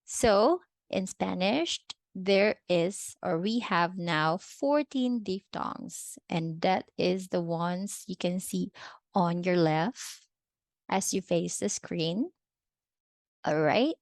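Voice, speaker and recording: A woman records a language lesson in an unhurried, deliberate way, pausing to make sure the class follows. Her voice sits a little low for a woman. The sound is close and dry, with no room around it. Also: no echo. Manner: slow, careful explaining with frequent "okay" check-ins. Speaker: Spanish teacher.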